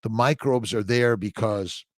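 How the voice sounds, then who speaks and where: A man's voice: lowish voice, a little slow, dry recording. An older man hosting a casual morning livestream, reading out viewer comments and talking in rambling bursts with emphatic repeats. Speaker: livestream host.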